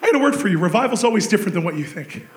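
A man with a high voice preaches in an echoey church hall. He tells his story with animated energy, swinging between excited shouts and hushed, intense stretches. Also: racing, slight background noise. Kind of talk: sermon.

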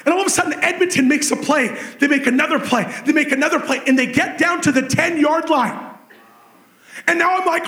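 Male preacher, high voice, animated storytelling, echoey church sound. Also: a little fast. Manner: animated storytelling, swinging from shouting excitement to hushed intensity. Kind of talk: sermon.

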